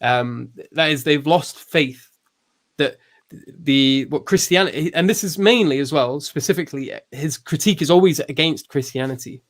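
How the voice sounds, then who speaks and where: A man's voice: on the high side, moderate pace, a bit bright. A man hosting a podcast, explaining philosophy in a loose, thinking-aloud way with many restarts and fillers. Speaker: podcast host. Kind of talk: casual philosophical discussion.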